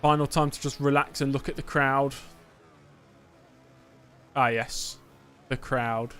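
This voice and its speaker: A man's voice: medium pitch, steady tone, slow pace, fairly bright tone, a little hiss or hum. Chatty English man streaming a racing game. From England. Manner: chatty, joking, self-deprecating asides. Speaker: gaming streamer. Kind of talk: casual gameplay commentary.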